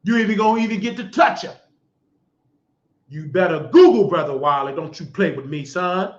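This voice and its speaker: A man's voice: high voice, animated, moderate pace. A middle-aged man hosting a talk show, delivering a scolding, mocking, preachy rant. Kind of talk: ranting monologue. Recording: echoey lo-fi room sound.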